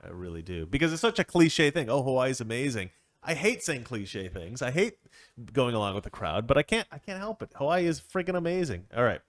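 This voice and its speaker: Man hosting a livestream, casual chat, lively pitch, dry close sound. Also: fairly quick, no echo. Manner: animated, acts out voices when telling a story. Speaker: livestream host.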